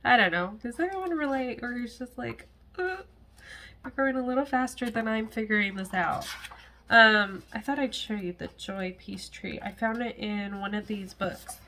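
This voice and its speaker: A woman's voice: on the high side, normal speed, bright, forceful tone, a little hiss or hum. A woman chatting casually to camera at home as a cross-stitch vlogger, rambling with frequent laughs and asides.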